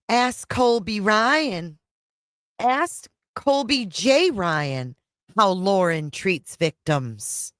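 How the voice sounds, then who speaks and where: Slow, wry woman reaction host. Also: mid-range voice, fairly bright tone, dry recording, studio quality. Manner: wry, sarcastic asides. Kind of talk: live reaction commentary.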